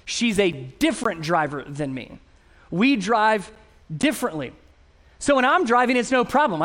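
High-voiced, animated preaching man. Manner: animated storytelling, self-mocking humor. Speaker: pastor. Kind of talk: sermon.

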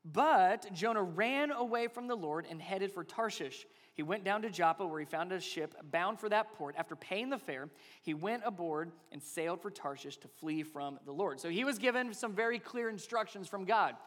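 A male pastor in his thirties preaches a conversational sermon packed with rhetorical questions, his fairly high, slightly bright voice moving at a moderate pace with lively intonation. The long reverb of a large church hall surrounds his words.

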